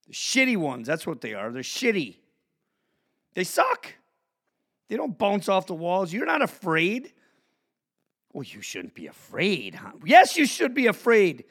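A man with a fairly high voice rants into his podcast mic, swearing freely. His pitch leaps all over the place, dropping to low grumbles and then jumping up into shouts. He sounds like a worked-up host sounding off to his listeners. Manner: animated, profane, swings from mutters to shouts. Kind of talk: ranting monologue.

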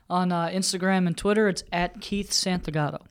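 A man's voice: high-pitched, steady tone, moderate pace, clear, resonant tone. Sarcastic young man teasing his friends. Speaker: podcast guest. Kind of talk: crude casual banter.

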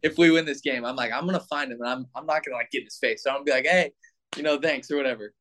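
A young man in his twenties, a baseball player, telling a story in a casual, animated way with lots of filler words. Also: mid-range voice, rapid-fire, a little hiss or hum.

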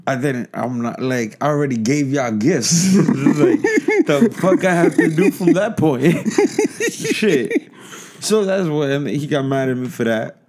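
A man's voice: a little high, expressive, measured pace, a little mellow. A man co-hosting a podcast, ranting in casual chat, rambling, profane and emphatic. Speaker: podcast co-host.

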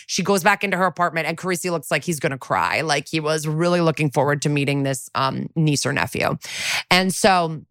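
A woman's voice: deep voice, fairly bright tone, dry recording, clean studio sound. A woman co-hosting a podcast, recapping a TV episode in a chatty, filler-heavy way and acting out the characters' lines. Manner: chatty, rapid recap with many fillers and voiced quotes. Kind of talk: casual chat.

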